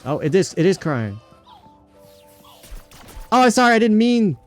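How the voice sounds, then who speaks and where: A man's voice: high voice, very animated, a little slow, soft background music. A young man streaming a game, chatting casually and rambling between bits of game text he reads aloud. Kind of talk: casual gaming livestream chat.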